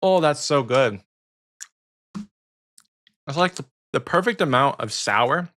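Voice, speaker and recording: A man's voice: mid-range voice, animated, takes it slowly, fairly bright tone, slight background noise. Chatty American man hosting a podcast. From United States. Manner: rambling, chatty, frequent ums. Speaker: podcast co-host. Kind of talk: casual podcast chat.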